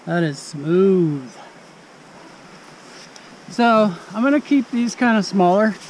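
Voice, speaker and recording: A man's voice: high voice, expressive, slow pace. A man working as an arborist, joking and chatting casually to camera outdoors at a tree site. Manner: joking, chatty, talks while eating. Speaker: arborist filming tree work. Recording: noisy outdoor recording.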